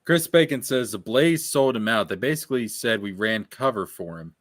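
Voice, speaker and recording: A man co-hosting a livestream, joking casually and stammering when excited. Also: on the low side, normal speed, no echo, studio quality. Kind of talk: casual stream banter.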